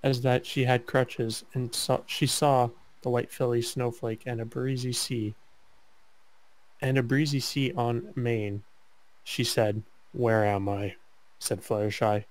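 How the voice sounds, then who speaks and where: A man's voice: medium pitch, level tone, dry recording. A man reading a fanfic aloud for laughs, stumbling over words and trading jokes with a co-host. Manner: halting read-aloud, stumbles and mock-serious delivery. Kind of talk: comedic dramatic reading with banter.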